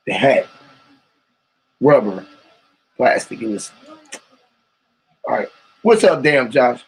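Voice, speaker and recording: A man's voice: mid-range voice, sing-song, slow, slightly rough, low-quality recording. A man hosting a live stream, rambling in heavy slang with profanity and lots of rhetorical questions, greeting callers who join a voice chat.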